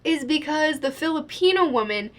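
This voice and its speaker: A woman's voice: high-pitched, animated, normal speed. A young woman telling a storytime vlog to the camera, chatty and exasperated, full of "like". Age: young adult. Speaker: vlogger.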